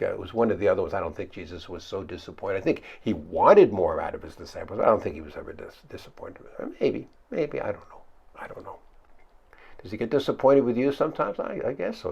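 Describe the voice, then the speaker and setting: Gravelly low-voiced man preaching a conversational sermon. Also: darkish tone. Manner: thinking aloud, restarting phrases, posing questions. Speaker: pastor. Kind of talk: conversational Bible study sermon. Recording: dull lo-fi recording.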